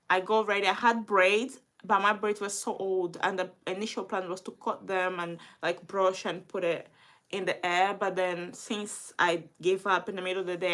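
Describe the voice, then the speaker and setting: A woman's voice: mid-range voice, bright, forceful tone. A woman in her early twenties telling a personal story in a vlog, rambling and full of "like". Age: 20s. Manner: rambling, heavy use of "like", restarts.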